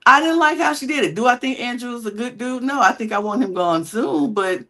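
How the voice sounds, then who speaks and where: A woman hosting a podcast, telling a reality-show story in a lively, gossipy way. She talks casually and drops in slang as she goes. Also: fairly high pitch, a little fast. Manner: animated, chatty storytelling with slangy quips. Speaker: podcast host.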